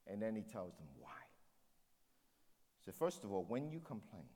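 A man's voice: mid-range voice, big pitch swings, moderate pace, long pauses, darkish tone, big-room sound. A man preaching a sermon as pastor, driving points home with rhetorical questions.

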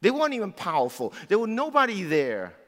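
A man's voice: high voice, wildly swooping pitch, fairly quick. A man preaching a sermon in a conversational, emphatic way, often saying "you know" as he explains scripture. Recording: long hall reverb.

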